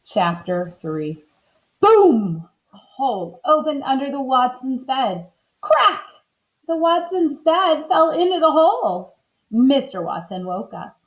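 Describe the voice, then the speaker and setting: A woman reading a children's book aloud in an expressive, animated way. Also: sits high, measured pace. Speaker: storybook reader. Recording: slightly dull lo-fi recording.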